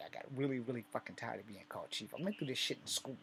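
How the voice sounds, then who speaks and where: A man's voice: medium pitch, quick pace, gravelly, few pauses, a bit bright, slight background noise. A man from Virginia telling personal stories in a candid, rambling and profane way, in a casual vlog.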